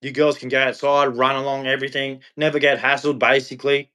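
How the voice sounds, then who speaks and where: A man's voice: mid-range voice, level tone, fairly quick, bright, forceful tone, clean tone. An Australian man ranting on a livestream in a blunt, scolding, preachy way. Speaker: livestream host. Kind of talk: livestream rant.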